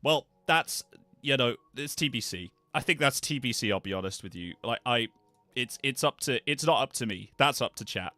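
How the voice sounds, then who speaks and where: A man's voice: medium pitch, expressive, moderate pace, bright, forceful tone, no echo. A British man chatting on a live stream in a playful, rambling way, often trailing off into mumbles. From Britain. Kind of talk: casual live-stream chat.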